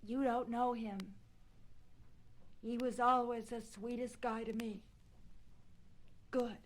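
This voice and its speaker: An anxious young Brooklyn woman pleads in an earnest, somewhat high voice. She is torn and insistent, and it plays as a scene from a film drama. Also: level tone, takes it slowly, poor audio.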